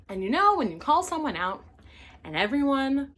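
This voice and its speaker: A woman who hosts her own vlog as a flight attendant, telling a story casually with an animated, exasperated manner and some swearing. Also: high-pitched, moderate pace.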